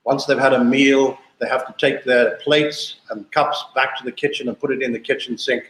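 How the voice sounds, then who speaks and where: A man's voice: mid-range voice, fairly even intonation, moderate pace, a bit bright. Chatty older man in an echoey room. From South Africa. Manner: chatty, anecdotal, repeats himself. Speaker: guest. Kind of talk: casual storytelling interview.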